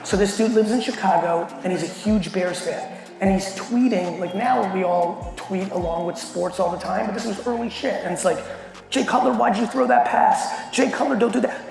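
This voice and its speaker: A middle-aged man telling a story in a talk to a company audience, animated and full of swearing. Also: high voice, creaky. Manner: profane, animated, fast storyteller. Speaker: keynote speaker. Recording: echoey hall with long reverb, faint music.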